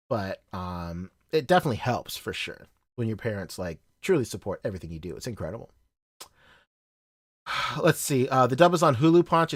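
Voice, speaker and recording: A man's voice: medium pitch, fairly bright tone, no room sound, clean studio sound. Laid-back Southern-accented man chatting. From Philippines. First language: Tagalog. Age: 30s. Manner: rambling, laughs often, swears casually. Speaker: livestream host. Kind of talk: casual livestream chat.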